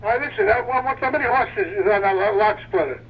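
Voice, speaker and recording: Stammering man on a lo-fi phone line. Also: high voice. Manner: halting, stammering questions. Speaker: person on phone call.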